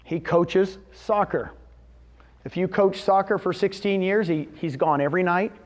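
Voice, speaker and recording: A man giving a live seminar talk to real estate agents, telling success stories and firing questions at the audience. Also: high-pitched. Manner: animated, storytelling with quick questions to the audience. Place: meeting room with a live audience.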